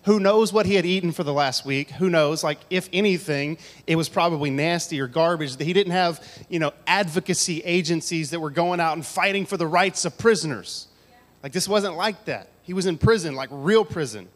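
A pastor preaches a casual, conversational sermon with joking asides to a congregation in a church hall, holding a handheld mic. His voice sits on the high side at a moderate pace. Long hall reverb fills the recording.

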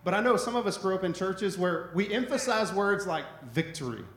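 A male pastor with a high voice delivers a sermon in a relaxed, conversational way. He keeps checking in with the congregation with "right?". The sound is roomy and echoey. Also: fairly quick. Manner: conversational, repetitive, asks "right?" often.

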